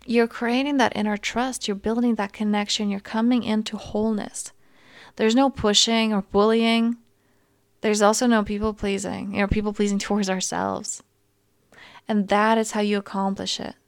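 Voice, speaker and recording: A woman in her thirties hosting a podcast as a coach, talking gently and earnestly in a casual self-help monologue. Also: mid-range voice, no echo, clean studio sound. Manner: gentle, earnest, talks through examples.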